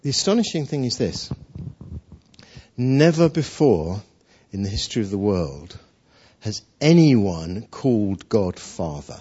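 Casting: preacher man, chatty storyteller, husky voice with a lively lilt, dull lo-fi sound. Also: on the low side, measured pace, pauses often. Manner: conversational storytelling, with rhetorical questions. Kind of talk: sermon.

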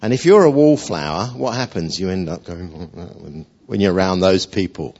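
A man preaching a lively storytelling sermon, chatty, acting out the voices of the people in his story. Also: low voice, normal speed, slightly rough. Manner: animated, acts out voices of figures, conversational. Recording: dull lo-fi recording.

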